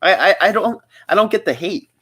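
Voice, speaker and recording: Over slight background noise, a young Philadelphia-area man with a high, expressive, sharp voice talks fairly quickly. Hosting a casual livestream, he rambles through the chat, reading out viewers' comments and responding as he goes.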